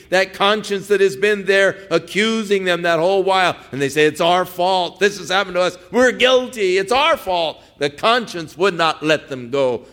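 A man's voice: high-pitched, fairly bright tone. A male preacher retelling a story in a sermon, conversational and emphatic.

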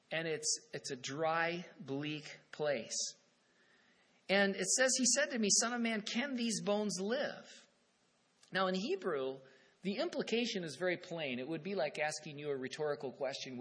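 Husky man preaching a sermon. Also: fairly high pitch, a bit bright. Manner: reads scripture aloud with rising emphasis, then comments conversationally. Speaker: pastor.

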